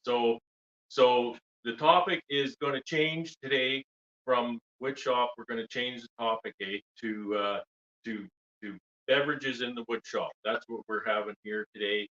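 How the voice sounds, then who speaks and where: A man's voice: medium pitch, steady tone, measured pace, a bit bright, roomy sound, lo-fi sound. A man hosting a beekeeping live stream from a wood shop, rambling in jokey banter. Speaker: host, beekeeper.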